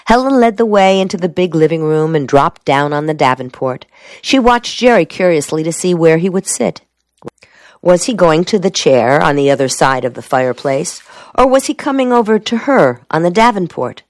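A woman narrating a novel in a steady, measured audiobook reading. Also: lowish voice, no room sound.

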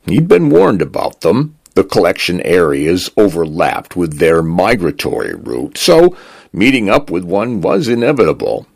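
A man narrating a story in a very low, gravelly voice that rises and falls with lively pitch. He reads slowly and deliberately, and his husky tone sits close and dry. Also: dry recording. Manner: slow, measured storytelling delivery. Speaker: host and volunteer narrator.

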